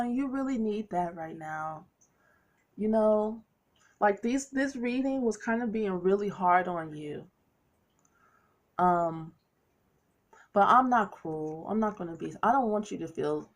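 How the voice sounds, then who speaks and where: Speaking with vocal fry in a fairly low voice, this woman reads tarot for her viewers. The monologue is casual, chatty and playful, sprinkled with preachy remarks.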